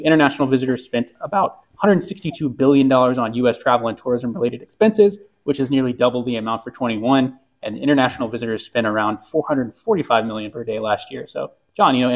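A man co-hosting a travel industry podcast, chatting casually and reading news items. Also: mid-range voice. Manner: conversational, reads travel news segments. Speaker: podcast co-host.

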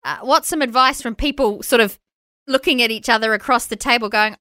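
A woman's voice: on the high side, pushed and bright, no echo, studio quality. A woman with an Australian accent co-hosting a radio show in bubbly, chatty, casual talk. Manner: bubbly, chatty, quick to laugh.

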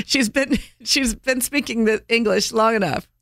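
A woman's voice: on the high side, a little slow, gravelly, fairly bright tone, dry recording, clean studio sound. A woman cohosting a podcast, dropping wry comebacks in casual chat.

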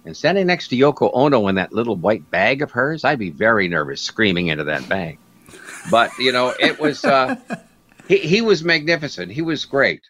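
A man's voice: medium pitch, moderate pace, slight background noise. An older man, a guest broadcaster telling stories from his career in an interview and acting out the people he quotes. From Canada. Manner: animated storyteller who acts out quotes. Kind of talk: anecdotal interview storytelling. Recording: dull lo-fi recording.

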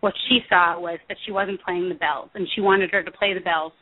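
A woman, a music therapist, talking earnestly in an interview, pausing with frequent ums and restarts. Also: on the low side, steady tone, crowd noise. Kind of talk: conversational interview over the phone. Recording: tinny phone line.

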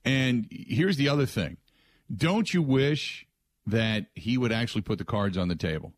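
A man hosting a sports talk radio show, talking in an animated, rhetorical way from a studio and mocking the answers he expects to hear. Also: medium pitch, a little slow.

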